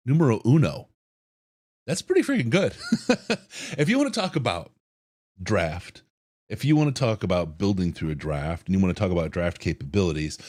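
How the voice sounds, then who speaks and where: Man, podcast host, casual sports chat, lower voice, very lively pitch, playful. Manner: playful, upbeat, jokey with frequent laughs.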